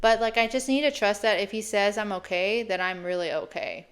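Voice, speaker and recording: A woman in her late thirties, a fitness coach, talking casually and reflectively in a chatty, animated way. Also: medium pitch, a little fast, clear, resonant tone. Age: 30s. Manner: chatty, animated, laughs often.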